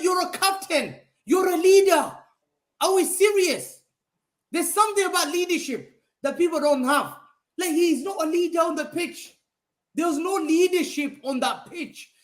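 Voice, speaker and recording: Animated ranting football pundit, high lively voice. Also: male voice. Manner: animated, mocking, emphatic repetition. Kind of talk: heated football fan talk show rant. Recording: roomy echo.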